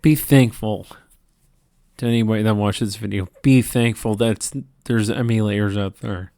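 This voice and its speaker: A tired man hosting a gaming channel, ranting in a halting, profane monologue with frequent restarts. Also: on the low side, steady tone, dark tone, dry recording, clean studio sound. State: tired from lack of sleep.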